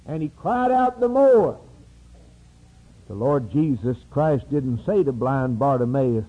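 A male preacher delivers a sermon at a slow, deliberate pace. His voice is husky and mellow, and his pitch swings widely from loud emphatic peaks down to hushed low phrases. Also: lively intonation, poor audio. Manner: dramatic preaching with sweeping rises and drops.

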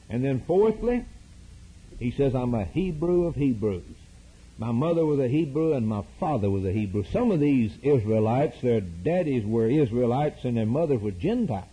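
Emphatic preacher man, husky and dark. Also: fairly high pitch, poor audio. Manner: emphatic, repetitive preaching cadence. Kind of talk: sermon.

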